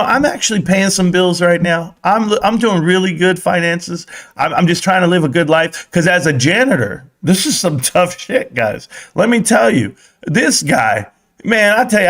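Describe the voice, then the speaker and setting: A young adult man with a brisk delivery hosts an informal stock stream, reading the chat out loud. He jokes and swears, shifting between excited shouts and mumbled asides.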